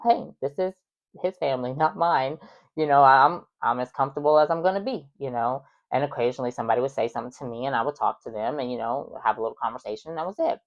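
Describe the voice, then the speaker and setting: Woman with a low voice chatting through a personal story, lots of "you know", kinda dull lo-fi sound. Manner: chatty, many fillers, exasperated asides. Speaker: podcast host.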